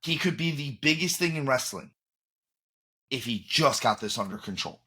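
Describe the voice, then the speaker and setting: A man's voice: mid-range voice, animated, moderate pace, pushed and bright. A man co-hosting a podcast in casual chat, opinionated and emphatic, often restarting his sentences. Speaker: podcast co-host.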